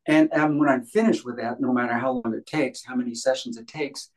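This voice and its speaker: A man's voice: mid-range voice, steady tone, fairly quick, rough recording. Male interview guest, mid-range voice, earnest and insistent, conversational. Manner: earnest, emphatic, repeats phrases for stress.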